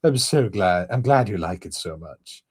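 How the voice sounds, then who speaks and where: A man's voice: low-pitched, lively intonation, normal speed, breathy edge. A man reading aloud as a cheerful young male musician, doing an English accent and calling everyone bro. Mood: cheery friendly. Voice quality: upbeat, laughing, calls everyone bro. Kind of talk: reading manga lines aloud.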